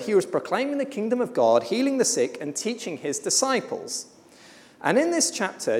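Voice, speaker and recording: A preacher delivering a sermon in an emphatic, blunt way, slowing down for weighty pauses. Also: mid-range voice. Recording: long hall reverb.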